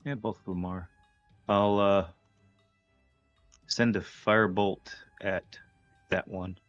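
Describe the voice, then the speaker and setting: A man playing in a tabletop game, calling out his moves in an unhurried way. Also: fairly low pitch, flat delivery, no room sound, lo-fi sound, faint music behind. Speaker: player.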